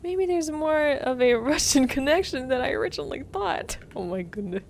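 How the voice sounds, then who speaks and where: A woman's voice: high voice, animated, normal speed, creaky, few pauses, a little mellow. Giggly woman streamer reading a game. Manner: wry and chatty, often breaking into giggles. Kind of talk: let's play, reading game text aloud. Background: game music.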